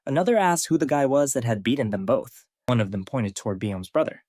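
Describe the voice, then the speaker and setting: A man narrating a scripted story recap in a steady storytelling way. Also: medium pitch, fairly quick, no room sound, studio quality.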